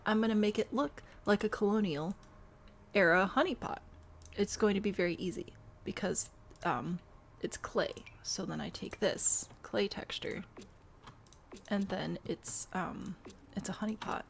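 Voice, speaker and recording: Woman streamer, casual and self-mocking, mid-pitch with a gravelly edge, hiccuping. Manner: wry, self-deprecating, reads chat aloud and answers. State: has the hiccups. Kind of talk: casual live-stream chatter while building in a game.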